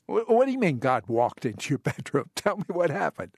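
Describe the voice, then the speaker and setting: A man's voice: fairly high pitch, sing-song, a little fast, gravelly, darkish tone, breathy edge, no room sound, clean studio sound. A man hosting a faith radio interview, eager, with stammering starts and preachy asides. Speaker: radio host. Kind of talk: interviewing a guest.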